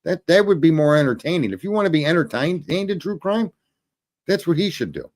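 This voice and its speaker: A man hosting a ranting livestream, talking profanely and combatively as he calls out commenters by name. His voice sits a touch high for a man and moves with a lively, swinging pitch. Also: a little fast. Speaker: livestream host.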